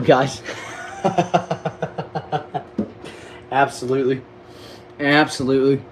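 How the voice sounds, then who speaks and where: Sitting in a back shed, a young Texan streamer casually chats through viewer comments in a relaxed, slangy way, sometimes tripping over and repeating his words. He talks at a moderate clip in an ordinary mid-range voice. Recording quality is poor, and a low hum runs underneath.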